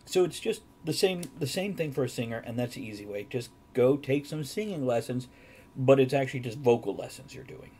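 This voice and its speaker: A man's voice: mid-range voice, expressive, brisk, darkish tone, slightly rough. A man hosting a casual chat, asking questions and giving direct practical advice. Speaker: host.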